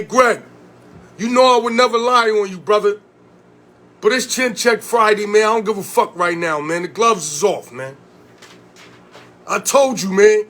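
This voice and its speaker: High-voiced man ranting into the camera. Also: a bit bright. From Connecticut. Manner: confrontational, profane, hammering repeated questions. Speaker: vlogger and community organizer. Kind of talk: heated direct-to-camera rant.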